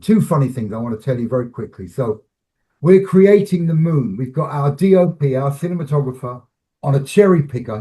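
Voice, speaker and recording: A man, a film director and actor, telling animated stories about a shoot in an interview, restarting phrases as he acts out scenes. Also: medium pitch. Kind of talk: animated anecdotal storytelling.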